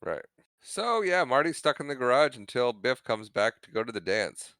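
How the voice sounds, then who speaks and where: Laughing, bright-voiced man recapping a movie. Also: mid-range voice, big pitch swings, dry recording, studio quality. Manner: retells scenes with quick acted-out quotes, laughs often. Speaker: podcast co-host. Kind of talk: casual movie recap chat.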